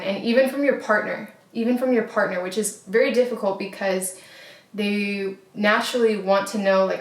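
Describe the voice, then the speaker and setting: Woman wellness host, casual motivational talk, earnest and repetitive, level monotone delivery, roomy echo. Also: mid-range voice. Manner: earnest, repetitive, filler-heavy. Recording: echoey room.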